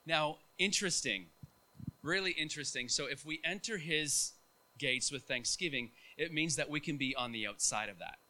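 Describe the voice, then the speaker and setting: A middle-aged man preaching a sermon, telling a personal story in a casual, animated way with many fillers and restarts. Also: on the high side, normal speed.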